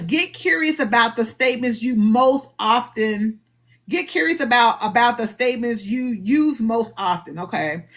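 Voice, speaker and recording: A woman hosting a live book discussion, animated and preachy, acting out little dialogues as she goes. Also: on the high side. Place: live online stream.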